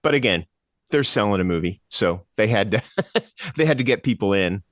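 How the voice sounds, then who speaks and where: A man's voice: fairly low pitch, animated, normal speed, fairly bright tone, no room sound. Laid-back man reviewing a film. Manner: laid-back, hesitant with fillers. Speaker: podcast co-host.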